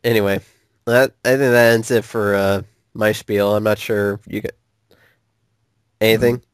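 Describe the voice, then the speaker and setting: A man's voice: lowish voice, normal speed, smooth, no room sound. Guy ranting w a buddy, swears a lot, laughs, dry close sound. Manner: animated, swears freely, laughs often. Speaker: co-host of a gaming channel. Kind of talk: casual ranting chat with a friend.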